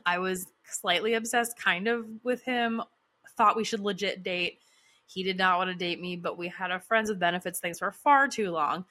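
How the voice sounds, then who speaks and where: Speaking at a moderate pace, this woman's voice is on the low side, steady, and sharp in tone. She's in her thirties, delivering a casual storytelling monologue that's chatty, filler-heavy, and full of laughs.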